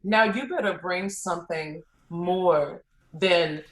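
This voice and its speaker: A woman opera singer, a guest in a casual conversation, telling stories in an animated way with lots of "you know.". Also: fairly low pitch, takes it slowly. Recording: roomy echo.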